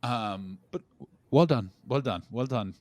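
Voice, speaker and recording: A man's voice: medium pitch, takes it slowly, no echo. Dry-sounding man rambling through comic stories. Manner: animated rambling storytelling with swearing and quoted voices. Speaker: podcast co-host. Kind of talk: casual comedic chat.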